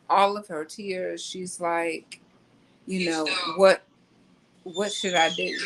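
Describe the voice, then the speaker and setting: A woman hosting a casual live talk, pausing often with ums and restarts. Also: fairly low pitch, slight background noise, poor audio. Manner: slow, hesitant, many ums and restarts. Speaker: host.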